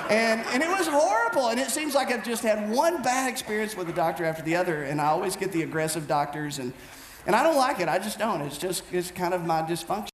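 A pastor with a high voice tells stories in an animated, self-mocking way and often restarts his sentences. His sermon rings around an echoey church room, with faint noise underneath. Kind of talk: storytelling sermon.

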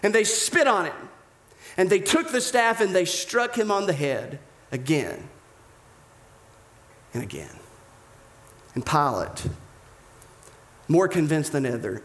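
A man preaching a sermon as dramatic storytelling, slowing down and dropping almost to a whisper. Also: fairly high pitch. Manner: dramatic storytelling, slows and drops to near whispers. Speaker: pastor.

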